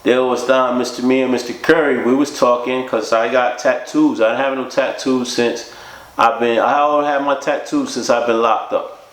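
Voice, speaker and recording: A man's voice: mid-range voice, steady tone, moderate pace, a bit bright. Man telling his story in an echoey room. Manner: rambling, fills with "you know" and "man", acts out both sides of quoted talk. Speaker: storyteller recounting his own life. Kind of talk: casual spoken storytelling.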